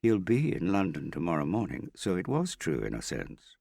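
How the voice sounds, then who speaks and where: A man playing a calm, evasive male schemer who deflects accusations patiently. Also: deep voice, normal speed, creaky, dry recording, studio quality, exaggerated voice. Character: smooth evasive middle-aged male schemer.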